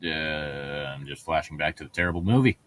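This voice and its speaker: A man's voice: extremely low pitch, brisk, a bit bright, no echo. A man co-hosting a comedy podcast, reading a bad fanfiction aloud with wry jokes and asides. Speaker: podcast co-host.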